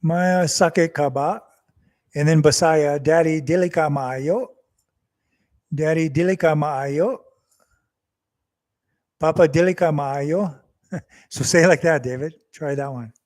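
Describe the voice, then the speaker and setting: A man filming a casual family vlog, patiently coaxing his child and repeating short phrases slowly so they can be copied. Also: fairly high pitch, a little mellow. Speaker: father and vlog host.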